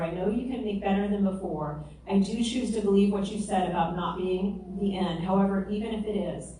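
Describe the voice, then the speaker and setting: A woman's voice: fairly low pitch, dark tone. A middle-aged woman giving an earnest, emotional faith testimony to a mothers' group. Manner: earnest and emotional, acting out her own cries. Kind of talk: testimony sermon. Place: large echoey room. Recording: roomy hall, voice from far off, faint noise.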